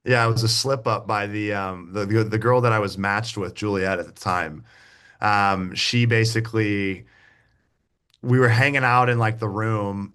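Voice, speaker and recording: Low-voiced man rambling through a story. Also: fairly bright tone. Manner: rambling, many restarts and fillers. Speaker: guest. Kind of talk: casual interview chat.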